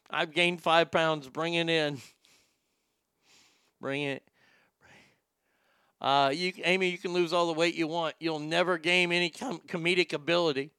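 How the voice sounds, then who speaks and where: A man's voice: a little high, steady tone, unhurried, pauses often, pushed and bright, clear, resonant tone, dry recording, studio quality. A man hosting a show, giving a profane, combative and sarcastic rant about celebrities. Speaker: host. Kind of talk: ranting celebrity commentary.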